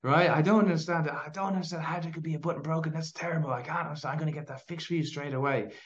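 A man's voice: a little high, fairly even intonation, very fast, highs cut off, voice pushed up, natural voice. A man playing an outraged shop owner. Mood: mock outrage. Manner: exaggerated, indignant.

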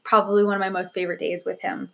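A woman's voice: medium pitch, flat delivery, rapid-fire, vocal fry. A woman in her thirties chatting casually as a co-host, telling stories animatedly and acting out quoted dialogue. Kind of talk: casual chat.

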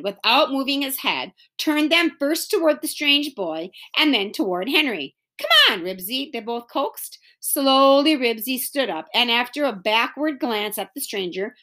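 A woman reads a children's chapter book aloud with expressive storytelling. Her voice is bright and fairly high, and her pitch rises and falls a great deal. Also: measured pace, hardly any pauses. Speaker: reader.

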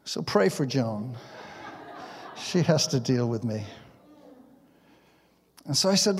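A pastor preaching a sermon, acting out conversations and dropping to a hush at times, in a church sanctuary. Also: male voice, medium pitch, slow pace, pauses often, slightly rough. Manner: animated, acts out conversations, drops to a hush. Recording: long reverb in a big hall.

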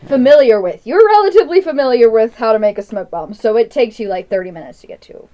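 A woman's voice: on the high side, expressive, quick pace, dull audio. A woman acting as game master, narrating and ruling in a loose, chatty way with frequent giggles. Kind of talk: casual tabletop game narration.

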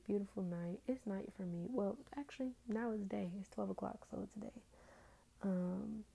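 A woman's voice: medium pitch, normal speed, vocal fry, warm tone, breathy edge. A tired woman hosting a casual, rambling faith talk, trailing off into fillers.

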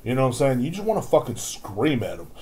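A man's voice: medium pitch, very animated, fast talker, darkish tone. A man hosting a podcast, telling a rambling, profane story about his job as a store clerk. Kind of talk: casual rant.

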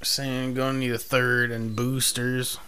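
A man's voice: mid-range voice, level tone, a little slow, bright, forceful tone, smooth. A man in casual podcast chat, goofy and riffing on jokes.

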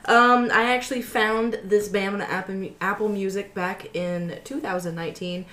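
A woman's voice: mid-range voice, fairly even intonation, moderate pace, a bit bright. A woman co-hosting a casual podcast, giggly and rambling with lots of "like"s. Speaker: podcast co-host.

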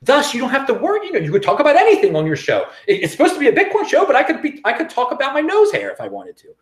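A man's voice: very high voice, huge pitch swings, rapid-fire. A man hosting his own cryptocurrency show, talking in a sarcastic, rambling way with frequent restarts and chuckles. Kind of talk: casual livestream commentary.

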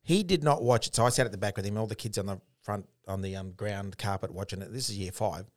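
A man's voice: on the low side, quick pace, dry recording, studio quality. An Australian man, a former education worker, telling stories in a casual, plain-spoken way with frequent restarts. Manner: plain-spoken, animated storyteller with many restarts. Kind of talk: casual storytelling chat.

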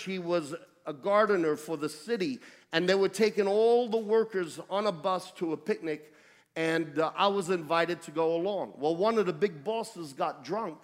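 High-voiced New York preacher in a hall. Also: male voice. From United States. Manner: conversational, animated storytelling with self-deprecating humor. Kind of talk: storytelling sermon testimony.

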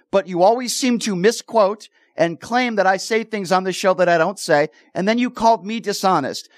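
A man's voice: sits high, dry recording, clean studio sound. A male radio talk show host arguing with a caller on air. He is combative, cuts in, and repeats himself to hold the floor. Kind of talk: heated call-in radio argument. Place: radio studio. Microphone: studio microphone.

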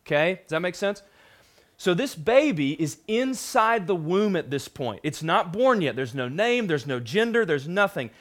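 A young adult man preaching a sermon, casual and animated, with frequent fillers and quick asides to the audience. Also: high voice. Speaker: pastor.

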